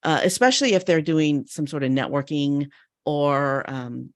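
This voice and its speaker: A female host asks her guest questions in a loose, conversational way, with some hesitations. Her voice sits very low for a woman. The recording is dry and close. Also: measured pace, no room sound. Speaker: podcast host. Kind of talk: interview questions.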